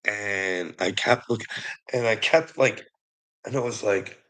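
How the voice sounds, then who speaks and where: A man in a profane, emotional rant who swears constantly, laughs between lines and swings from low muttering to shouting. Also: unhurried, rough recording.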